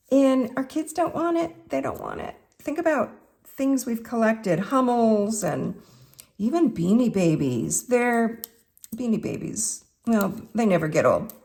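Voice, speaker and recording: A woman with a Southern US accent hosting a chatty craft tutorial, talking straight to her viewers in a folksy way. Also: on the high side. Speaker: craft video host.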